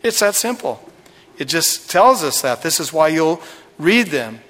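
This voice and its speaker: A man's voice: fairly high pitch, very animated, measured pace, a bit bright. Man preaching a sermon in a reverberant hall. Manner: dramatic retelling with acted quotes. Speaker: pastor.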